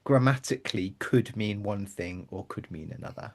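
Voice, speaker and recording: A man's voice: on the low side, expressive, normal speed. A man guest co-hosting a podcast, talking in an enthusiastic, rambling, chatty way. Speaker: guest co-host. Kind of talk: casual podcast chat.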